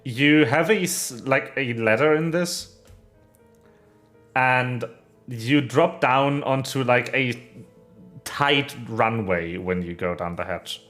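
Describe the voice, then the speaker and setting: Slow-spoken man running a tabletop game. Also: mid-range voice, a bit bright, faint music behind. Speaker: game master.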